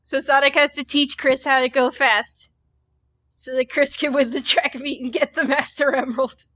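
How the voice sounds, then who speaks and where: Woman co-host, high voice, rambling casual podcast chat. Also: little pitch movement, normal speed, a bit bright. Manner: rambling, filler-heavy, acts out characters.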